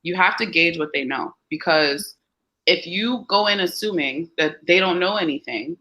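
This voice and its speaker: A woman pediatrician speaking as an interview guest, giving parenting advice in a casual, lively way and acting out quoted teens and parents. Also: lowish voice, normal speed, highs cut off.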